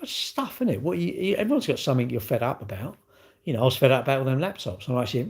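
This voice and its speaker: A man's voice: medium pitch, very animated, fast, a little mellow, husky. A middle-aged man with a British accent, rambling bluntly in slangy casual chat while answering a livestream chat.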